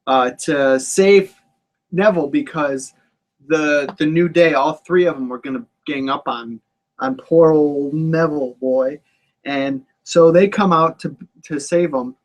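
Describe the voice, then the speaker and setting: A man with a slightly high voice co-hosting a casual wrestling podcast. He rambles through recaps in a laid-back way, with plenty of fillers and pauses. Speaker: podcast co-host.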